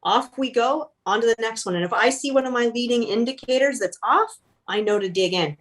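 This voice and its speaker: A woman's voice: on the high side, fairly quick. A woman from Canada who works as a fractional operations officer, talking directly and laughing often as a guest in a casual interview.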